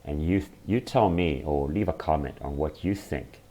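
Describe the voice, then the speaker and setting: A man's voice: rumbling low, moderate pace, mellow. A man hosting a channel, giving rambling, exasperated casual commentary. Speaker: channel host.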